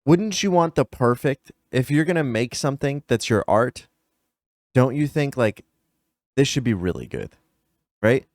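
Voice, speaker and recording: A man's voice: mid-range voice, expressive, a little slow, long pauses, no room sound, studio quality. A man streaming a casual reaction to a video, nitpicky and emphatic as he talks straight to his viewers.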